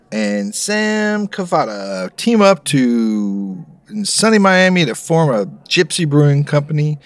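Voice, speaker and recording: A man co-hosting a podcast who reads aloud casually and drops joking asides. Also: medium pitch. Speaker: podcast co-host. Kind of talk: casual chat, reading aloud.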